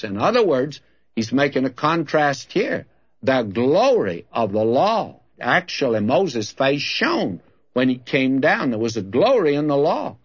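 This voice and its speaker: A man's voice: mid-range voice, big pitch swings, a little slow, breathy edge. An older man, a preacher, telling a story in a sermon and acting out both sides of a conversation in a folksy way. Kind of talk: radio-style sermon with storytelling. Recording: dull lo-fi old recording.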